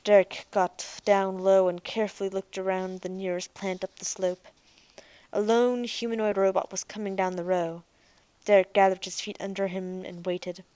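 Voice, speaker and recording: A woman reads an audiobook in an even, measured voice of middle pitch. The recording is dry and close, with no room sound. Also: clean tone, dry recording, lo-fi sound. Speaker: audiobook narrator. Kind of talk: scripted narration.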